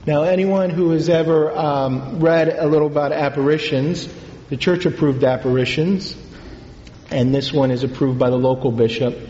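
A man, a priest, telling a story in a sermon, in an unhurried, halting way with pauses and fillers. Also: a little high, fairly even intonation, warm tone. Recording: echoey hall, dull lo-fi sound.

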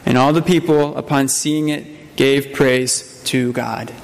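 A man as a priest reading the epistle and gospel, then preaching, in a measured, solemn manner with small slips. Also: medium pitch, fairly even intonation, creaky. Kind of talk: scripture reading and sermon. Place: church. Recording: long church reverb, faint room noise.

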